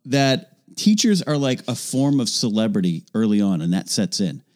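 Animated male podcast storyteller. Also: moderate pace. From California, US. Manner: animated storyteller, acts out quotes with big pitch jumps. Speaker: podcast co-host. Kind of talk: casual chat.

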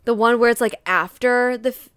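A young woman co-hosting a casual chat podcast, gushing and excitable, full of "like" and "oh my gosh". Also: a little high, moderate pace, clear, resonant tone, no echo, studio quality. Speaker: podcast co-host.

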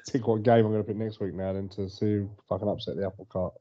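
A man's voice: on the low side, fairly even intonation, fast. A man co-hosting a casual sports podcast, telling stories in a chatty way and laughing often. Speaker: podcast co-host. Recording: dull lo-fi audio.

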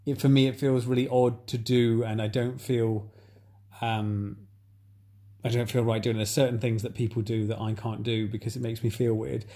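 A man in casual chat, talking in a flat, hesitant, self-reflective way with many pauses and fillers. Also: medium pitch.

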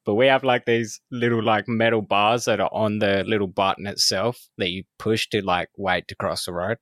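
A man's voice: fairly low pitch, fairly even intonation, moderate pace, fairly bright tone, dry recording, clean studio sound. A young Australian man with an Australian accent, a guest on a casual podcast chat, talking in a laid-back way with plenty of swearing and laughs.

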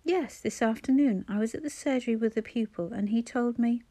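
A woman's voice: a little high, fairly quick, warm tone, no echo, lightly acted. A woman reading an audiobook, voicing a grown son who sounds earnest and mildly confused. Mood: bewildered. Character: puzzled grown son, easygoing and bewildered. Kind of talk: audiobook character voice.

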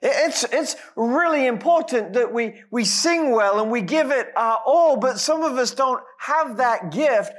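A preacher delivers a sermon at an unhurried, deliberate pace. The delivery is emphatic, stressing key phrases, and carries a light, self-mocking humor. The pitch sits in a middle register. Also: lively intonation. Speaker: pastor.

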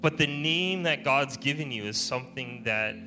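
Chatty man preaching over soft guitar. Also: mid-range voice, normal speed. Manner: chatty storytelling, laughs often. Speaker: church speaker. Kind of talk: informal testimony sermon. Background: soft guitar music.

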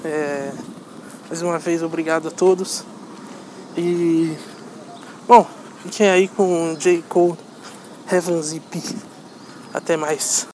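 A man's voice: fairly high pitch, steady tone, takes it slowly, pauses often. Laid-back Brazilian man, noisy background. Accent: Brazilian Portuguese. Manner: laid-back, rambling, profane teasing. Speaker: channel host. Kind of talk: casual outro to viewers.

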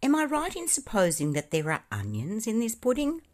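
A woman voicing a polite, gentlemanly male koala with a courteous, genteel manner. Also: low voice, big pitch swings, moderate pace, pitched above the performer's own voice. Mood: casual.

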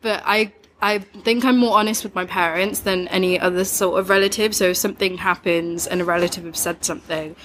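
A woman's voice: lowish voice, fairly even intonation, brisk, few pauses, a bit bright, slight background noise. A young woman, a guest chatting casually on a podcast, laughing often and acting out quoted voices. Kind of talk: casual conversation.

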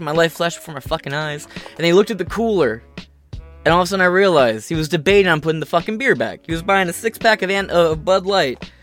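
A man's voice: high-pitched, fairly bright tone. Sarcastic, profane male podcast host. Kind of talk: opinionated news commentary.

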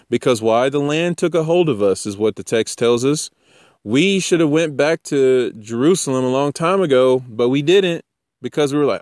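A man preaching an informal sermon, animated and jokey, acting out the people he quotes. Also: medium pitch, a little slow, no room sound, clean studio sound. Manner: animated, jokey, acts out voices.

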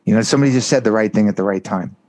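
Earnest low-voiced male storyteller. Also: rapid-fire, a little mellow. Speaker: guest. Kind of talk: candid personal storytelling.

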